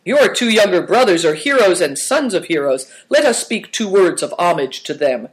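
A man's voice: high-pitched, expressive, moderate pace. A man reading aloud who voices a ceremonious, persuasive man with flowery, formal phrasing.

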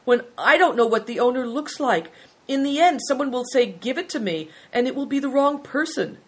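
A woman's voice: medium pitch, animated, a little slow, husky, voice pushed up, poor audio. A woman doing a nervous young boy. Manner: nervous, stammering. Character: timid, earnest boy named Christian.

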